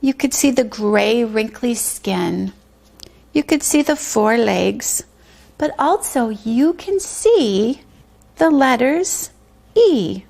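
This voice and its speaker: A woman leads a preschool circle time and stretches her words out in an unhurried, sing-song delivery. Her voice sits high and carries a gravelly, fry-touched edge. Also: animated, darkish tone. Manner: slow, sing-song, drawn-out words for small children. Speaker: preschool teacher. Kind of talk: pre-K circle time lesson.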